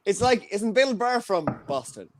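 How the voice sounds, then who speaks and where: A man, hosting a comedy podcast in lively, joking chat. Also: high voice, moderate pace. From Ireland. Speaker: podcast host.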